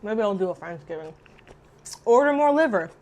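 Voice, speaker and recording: Young woman, eating vlog, profane, loud outbursts and low mutters, mid-pitched voice. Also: lively intonation, moderate pace, a little hiss or hum. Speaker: mukbang vlogger. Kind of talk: casual eating vlog chat.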